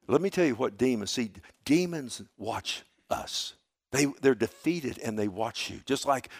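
A man's voice: mid-range voice, gravelly, no echo, clean studio sound. A man preaching a sermon, fervent and emphatic, repeating phrases and calling listeners "loved one". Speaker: pastor. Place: church service.

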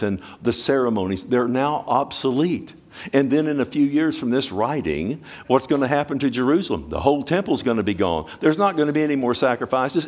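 Male pastor, mid-range voice, impassioned sermon delivery with loud and soft swings. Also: mid-range voice. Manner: emphatic preaching with rhetorical questions, swinging between loud and hushed.

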